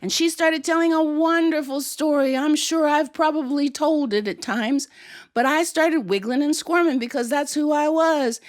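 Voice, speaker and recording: A woman storyteller telling a story in an animated, expressive way with frequent chuckles. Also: sits high, normal speed.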